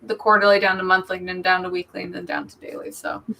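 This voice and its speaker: A woman's voice: lowish voice, little pitch movement, fast, creaky, bright, forceful tone. A woman co-hosting a casual video-call chat, reading out viewer questions in a friendly way. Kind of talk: casual group chat on a livestream.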